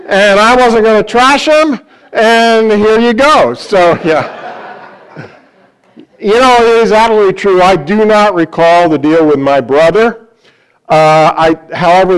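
A man's voice: fairly high pitch, poor audio. An older man giving a sermon as a guest preacher, rambling and joking at his own expense. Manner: rambling, self-deprecating humor.

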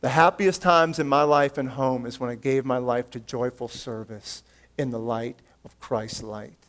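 With an earnest, pleading manner, a male pastor speaks to his listeners as friends, shifting between strong, lifted lines and subdued low comments. The tone holds steady at a moderate pace.

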